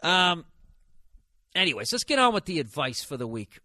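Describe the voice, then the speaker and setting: A man's voice: on the high side, big pitch swings, moderate pace, long pauses, sharp tone, no echo. A man hosting a podcast, delivering a sarcastic, profane comedic rant. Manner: swears constantly, sarcastic and ranting. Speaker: podcast host.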